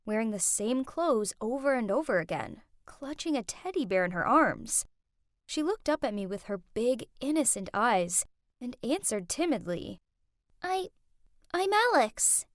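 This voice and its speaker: Young woman, storytime narrator, high and very animated, dry close mic. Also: moderate pace, no echo. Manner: lively, dramatic first-person telling.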